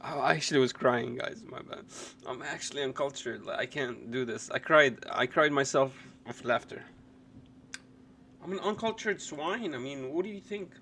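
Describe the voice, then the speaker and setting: A man's voice: mid-range voice, moderate pace, creaky, fairly bright tone, slight background noise. A young man streaming live, chatting casually as he reacts to clips, laughing hard and often, swearing freely and rambling loosely.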